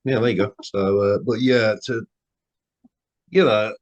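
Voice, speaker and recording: A man's voice: lowish voice, fairly even intonation, a little slow, dull audio. A man co-hosting a casual film podcast, laid-back, swearing casually and murmuring agreement. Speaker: podcast co-host.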